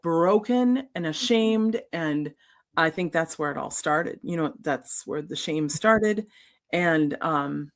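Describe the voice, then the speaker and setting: A middle-aged woman with a deep voice, an author appearing as a guest, tells a personal story in an earnest, halting, emotional way.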